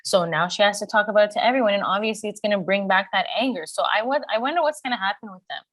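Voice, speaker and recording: A woman's voice: medium pitch, racing, fairly bright tone. A woman co-hosting a podcast, chatting casually about a reality show with sympathetic, agreeable reactions. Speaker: podcast co-host. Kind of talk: casual reality TV recap chat.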